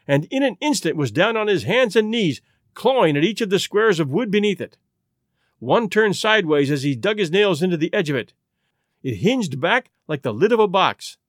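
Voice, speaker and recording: A man narrating a detective story in an expressive, dramatic reading. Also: high-pitched, no room sound, studio quality. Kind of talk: audiobook narration.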